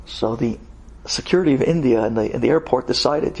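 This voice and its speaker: A man, a rabbi, telling a dramatic story in an animated, conversational and emphatic way. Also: mid-range voice, fairly quick, husky.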